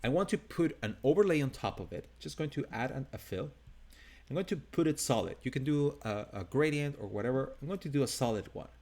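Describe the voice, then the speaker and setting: Brief: accented male instructor, live screen-share lesson, relaxed and upbeat, mid pitch, restarts sentences. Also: a little fast. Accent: non-native English. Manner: casual, upbeat, thinking aloud with restarts. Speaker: design instructor.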